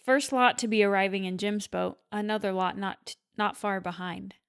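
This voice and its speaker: A woman's voice: mid-range voice, steady tone, moderate pace, clean tone, lightly acted. A woman reading the part of a plain-spoken middle-aged boatman in an amateur play read-through, in her own voice. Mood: matter-of-fact.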